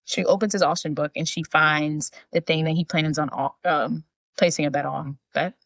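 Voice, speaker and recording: Low-voiced woman recapping a movie plot. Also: steady tone, normal speed, a bit bright, no echo. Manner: rambling plot narration with fillers. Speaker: podcast co-host. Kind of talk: casual movie recap chat.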